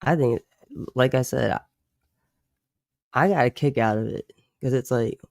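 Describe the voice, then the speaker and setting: Unhurried and a bit fried, his voice sits at medium pitch with a darkish tone, captured cleanly in the studio with no echo. He hosts a laid-back livestream chat full of slang, swearing, and "like" fillers, chuckling often as he goes.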